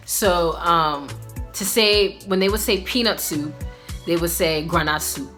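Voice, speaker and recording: A young woman with a lowish, sharp-toned voice hosts a casual language lesson on video. As a teacher-vlogger, she's chatty and upbeat, using plenty of filler words.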